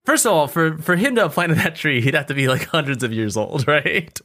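A man co-hosting a casual podcast, telling stories excitedly, swearing freely and laughing often. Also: a little high, brisk, no echo, studio quality. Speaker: podcast co-host.

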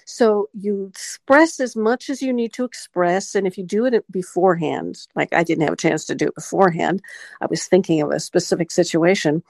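A woman's voice: fairly low pitch, normal speed, creaky, darkish tone, dry recording. Earnest woman coaching on relationships. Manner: earnest, models scripts in first person. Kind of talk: advice talk.

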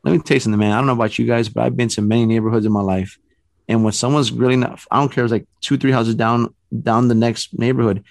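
A man's voice: mid-range voice, steady tone, fast, vocal fry, no echo. A man casually telling a spooky story in a rambling way, filling it with "man" and "bro" and often restarting his sentences.

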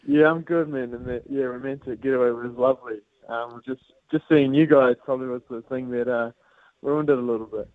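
A man's voice: medium pitch, fairly quick, no room sound. A man with a New Zealand accent, calling in as a guest to a radio show, chatting in an easygoing way with lots of fillers. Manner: relaxed, laughing, easygoing with filler words. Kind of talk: casual radio interview. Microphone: phone call. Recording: tinny phone line.

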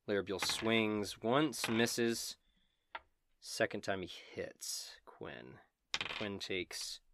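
A man's voice: fairly low pitch, a bit bright. A man running a tabletop game as game master, narrating in a casual, profane way. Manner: casual, profane, quick asides.

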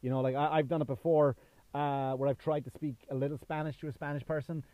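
A man's voice: a little high, little pitch movement, quick pace, dark tone, dry recording. Chatty Irish man, rambling podcast monologue. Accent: Irish, worn down by years in the US. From Ireland. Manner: rambling, chatty, lots of fillers and restarts. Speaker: podcast host and stand-up comedian. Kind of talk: casual solo podcast monologue.

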